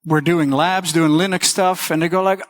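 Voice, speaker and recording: A woman's voice: fairly low pitch, steady tone, normal speed, no echo, studio quality. A woman teacher giving a casual conference talk, swearing freely and acting out the voices she quotes.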